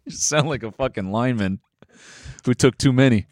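A man's voice: medium pitch, normal speed, a little mellow, no room sound, studio quality. A man co-hosting a comedy podcast, joking crudely and mocking himself in an ironic way. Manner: jokey, crude, ironic self-mockery. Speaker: podcast co-host. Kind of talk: casual comedic chat. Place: podcast studio.

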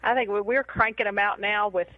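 A woman co-hosting a casual podcast over an online call, quick and animated, often giggling. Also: mid-range voice, lo-fi sound. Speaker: podcast co-host. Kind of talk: casual chat.

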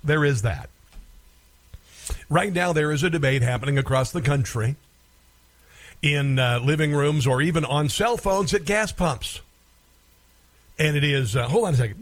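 A man's voice: a little high, normal speed, long pauses. A man hosting a talk radio show, giving sarcastic and combative commentary.

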